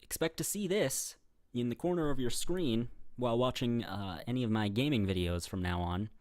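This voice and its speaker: A man's voice: mid-range voice, moderate pace, dry recording. A young man hosting a casual Q&A vlog, rambling with fillers and restarts and laughing at his own remarks. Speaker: YouTuber answering viewer questions. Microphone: webcam setup facing the camera.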